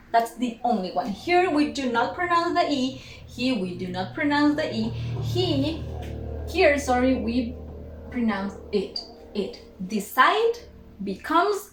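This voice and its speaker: A woman's voice: high-pitched, lively intonation, slow, a bit bright. A young woman teaching English pronunciation. She drills each word several times over. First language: Spanish. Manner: drills words by repeating them several times. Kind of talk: slow, repetitive pronunciation lesson. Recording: echoey room, mic at a distance.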